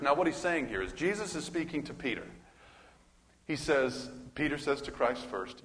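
Man, pastor, bible study teaching, animated, fairly high voice, reverberant hall. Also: normal speed. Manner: animated, asks questions, reads scripture aloud.

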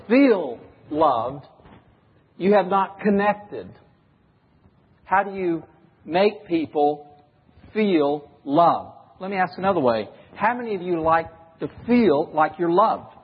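A man's voice: sits high, expressive, slow pace, husky. A man preaching a sermon to a congregation, questioning the listeners and acting out examples. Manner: questions the audience and acts out examples. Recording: dull recording with long hall reverb.

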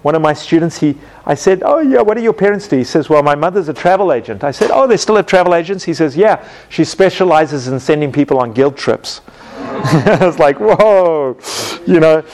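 A man teaching a Bible class, telling everyday stories with lively acted-out moments and questions to his students. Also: fairly high pitch, a little fast, slight background noise. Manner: animated storytelling, acts out scenes with sound effects.

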